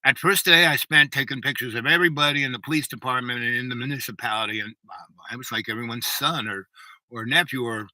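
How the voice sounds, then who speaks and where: A man's voice: mid-range voice, fast talker, pushed and bright, no room sound, poor audio. An older man telling a long personal anecdote in a chatty, digressive way, full of restarts and asides. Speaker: storyteller.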